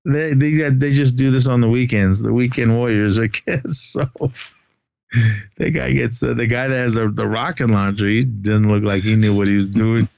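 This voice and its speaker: A man's voice: mid-range voice, fairly even intonation, normal speed, vocal fry, darkish tone, dull audio. A man casually recapping a movie in a rambling way, with lots of fillers and swearing.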